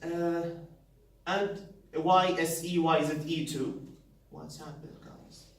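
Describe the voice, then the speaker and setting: A man giving a university class presentation, halting, with many fillers, restarts and non-native grammar. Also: fairly high pitch, fairly even intonation, far from the mic. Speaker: student presenter. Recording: very echoey room, voice from afar, faint noise.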